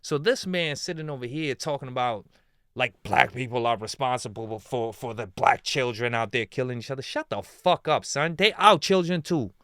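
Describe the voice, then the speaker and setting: A man's voice: mid-range voice, normal speed, a bit bright, smooth, no room sound, clean studio sound. A man giving heated reaction commentary, swearing often and firing off rhetorical questions.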